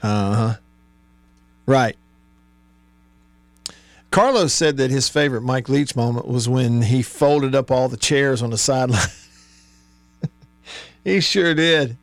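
Male radio sports host, mid-pitched, reads listener comments with frequent chuckles, dry studio sound, faint hum. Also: slow pace, creaky, long pauses, no room sound. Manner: reads listener texts aloud, chuckling often. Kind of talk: casual call-in radio chat. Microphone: studio microphone.

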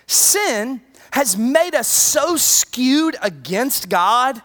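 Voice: high voice, drawn-out words. A preacher delivering a sermon in a conversational way, with asides and retold scripture. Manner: conversational, animated, with many asides.

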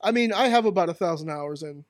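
A man's voice: on the high side, lively intonation, fast talker, dry recording, clean studio sound. A man chatting as a guest on a wrestling podcast, laughing often and rambling through stories. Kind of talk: casual podcast chat.

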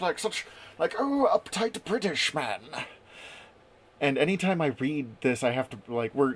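A man co-hosting a podcast in casual chat, talking in a chatty, self-deprecating way with halting restarts. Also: mid-range voice. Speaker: podcast co-host.

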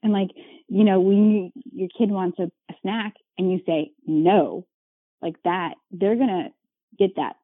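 A mother chatting as a guest over a tinny phone line. Her voice is husky and breathy. She talks in a lively way and slips into her children's voices to make a point. The sound is dry, with no room around it. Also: medium pitch, moderate pace, dry recording. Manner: lively, acts out children's voices when telling examples. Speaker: podcast guest; parent of young children. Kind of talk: casual chat.

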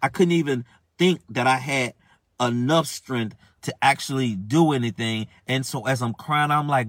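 A man telling his testimony in an emotional, halting way, repeating phrases and stumbling through restarts. His voice is mid-pitched for a man. It is recorded dry and close, with no room echo. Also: fairly bright tone. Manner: halting, repetitive, many restarts and stammers. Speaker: man giving a personal testimony.

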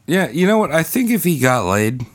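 A man's voice: fairly high pitch, sing-song, moderate pace, no room sound. A man co-hosting a comedy podcast, drunk and sleepy, joking crudely in a goofy sing-song way. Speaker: podcast co-host. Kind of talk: casual drunk banter.

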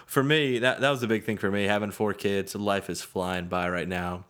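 Low-voiced laid-back man hosting a podcast. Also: steady tone, a little fast, few pauses, a bit bright. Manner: easygoing, rambling, self-deprecating. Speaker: podcast host. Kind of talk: casual podcast chat.

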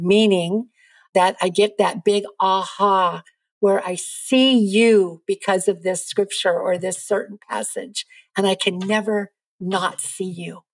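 A woman's voice: mid-range voice, slow, dry recording. Earnest woman telling faith stories. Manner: earnest, lively storyteller. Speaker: guest. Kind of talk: faith testimony in a podcast interview.

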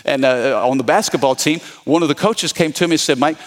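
A man's voice: mid-range voice, fairly quick. A man preaching a sermon as pastor, repeating his key points and calling out to the congregation.

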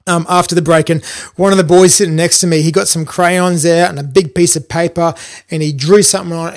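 Gravelly man telling a story. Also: high-pitched. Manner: animated, acts out remembered lines. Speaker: storyteller recalling school work. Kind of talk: personal anecdote talk.

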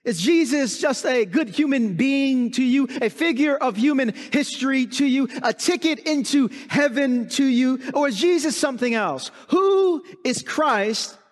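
A man's voice: very high voice, expressive, measured pace, few pauses, long reverb tail. A man preaching a sermon as pastor, emphatic and full of rhetorical questions.

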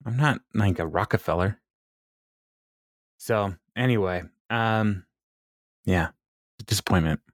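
Man, lowish voice, podcast co-host, laughs a lot, does character voices, dry close sound. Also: takes it slowly, pauses often, no room sound. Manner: laughs often, quotes characters in animated voices. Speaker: podcast co-host recapping a sitcom. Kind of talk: casual chat.

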